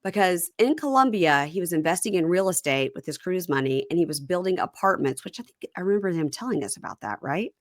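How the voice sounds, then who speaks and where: A woman's voice: lowish voice, animated, fast talker, hardly any pauses, no room sound, clean studio sound. A woman co-hosting a podcast, chatting casually as she retells a reality show episode. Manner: chatty storyteller, acts out quotes. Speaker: podcast co-host. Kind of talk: casual recap chat.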